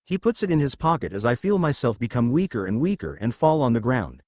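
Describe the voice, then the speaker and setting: In a clean studio recording with no echo, a man narrates a first-person fan fiction story, voicing every character himself. His mid-range, darkish voice is very animated and brisk.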